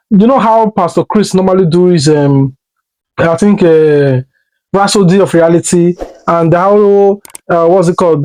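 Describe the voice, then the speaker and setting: A man's voice: sits high, a little mellow, rough recording. A man with a Nigerian accent, earnestly explaining his own position to his viewers in casual commentary. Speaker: commentary vlogger.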